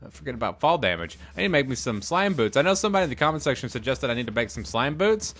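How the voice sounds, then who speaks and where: A man's voice: mid-range voice, big pitch swings, racing, fairly bright tone. A young man with a mostly hidden Southern US accent, hosting a casual game let's play and chatting while he plays, thinking aloud. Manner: chatty, upbeat, thinks aloud with fillers and laughs. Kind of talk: casual gameplay commentary.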